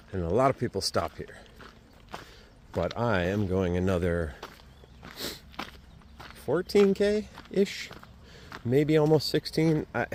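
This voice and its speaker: Low-voiced guy rambling to his camera as he walks, cracking jokes, noisy street around him. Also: a little mellow. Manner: chatty, rambling, self-joking. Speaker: vlogger walking a pilgrimage. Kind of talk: casual walking vlog. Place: outdoors, walking through a town. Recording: outdoor street noise.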